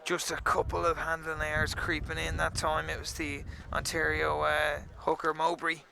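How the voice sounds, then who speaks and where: A man's voice: on the high side, monotone, moderate pace, vocal fry, noisy background. A man giving analytical live rugby commentary on the radio with a dry sense of humor.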